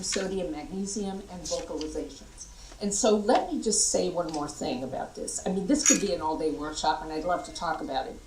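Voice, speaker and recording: A middle-aged American woman giving a lively conference workshop and demonstrating vocal tones to the audience. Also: mid-range voice. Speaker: workshop presenter. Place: large conference hall. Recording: echoey hall, voice from far off.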